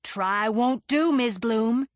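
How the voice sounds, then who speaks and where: A woman doing a honey-smooth Southern mother. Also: fairly high pitch, no room sound, muffled recording, pitched above the performer's own voice. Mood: firm. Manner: slow, pleading, emphatic. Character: insistent mother with a Southern accent.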